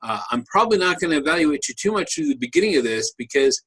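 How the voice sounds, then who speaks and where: A man's voice: a little high, very animated, fast, a bit bright, breathy edge. A man giving a conversational online teaching talk as a workshop presenter, joking and restarting phrases as he goes.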